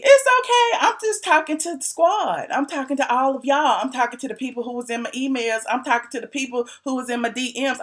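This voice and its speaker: A vlogger from Atlanta, US, serves up sassy, casual gossip commentary, repeating herself for emphasis and laughing between lines. Her voice is a little high with a sharp tone.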